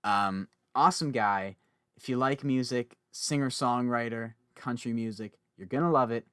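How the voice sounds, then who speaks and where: A young man hosting a casual podcast chat, talkative and quick to laugh, often interrupting himself. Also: mid-range voice, fairly bright tone, clean tone, dry recording, studio quality. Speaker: podcast host.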